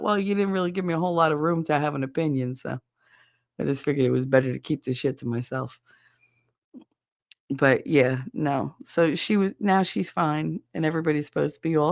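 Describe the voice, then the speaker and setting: Gravelly, blunt-talking woman host. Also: deep voice, fairly even intonation, brisk, no echo, studio quality. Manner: blunt, profane, laughing. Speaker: podcast host. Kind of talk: casual chat with chat shout-outs.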